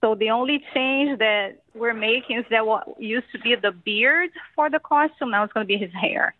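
A woman's voice: on the high side, moderate pace. A woman in her forties from California, speaking to a radio show by phone in a cheerful, practical way with light laughs. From California, USA. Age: 40s. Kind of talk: casual phone interview. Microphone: telephone. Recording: tinny phone line.

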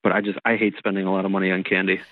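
A man in his thirties from Illinois chats with a radio host over a thin, phone-like line. His voice sits fairly low and the sound is dry. He rambles easily and chuckles often. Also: little pitch movement, racing, no echo. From Illinois, USA. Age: 30s. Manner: laid-back, chuckling, rambling. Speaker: caller on a radio show. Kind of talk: casual phone interview. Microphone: telephone.

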